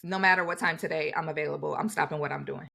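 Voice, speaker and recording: A woman's voice: deep voice, fast, gravelly, breathy edge. A woman co-hosting a podcast, talking candidly and acting out what others said to her. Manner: animated, acts out others' remarks in quotes. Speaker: podcast co-host. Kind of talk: candid conversational storytelling.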